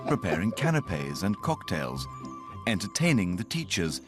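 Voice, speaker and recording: Lively low-voiced male documentary narrator. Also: moderate pace. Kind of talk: scripted narration. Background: music.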